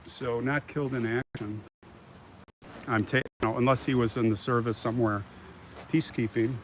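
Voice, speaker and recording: A man's voice: mid-range voice, fairly even intonation, normal speed. An older American man hosting a live walking tour of a cemetery, chatting in a rambling way and answering viewer comments as he goes. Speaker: livestream host. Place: outdoors in a cemetery. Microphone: phone on a live stream. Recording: harsh noisy live-stream audio.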